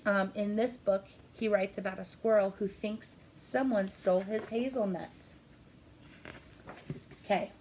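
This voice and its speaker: A middle-aged woman teacher speaking gently and encouragingly to young children in an online class, with a sing-song lilt. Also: mid-range voice, steady tone, a little slow, a little hiss or hum.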